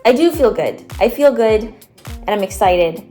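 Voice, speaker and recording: A woman's voice: medium pitch, lively intonation, unhurried, mellow, faint music behind. A young woman vlogging casually to camera, chatty and full of "like", acting out other people's reactions as she tells stories. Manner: chatty, lots of "like", acts out quoted reactions. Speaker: bodybuilding competitor vlogger. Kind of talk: casual vlog talk to camera.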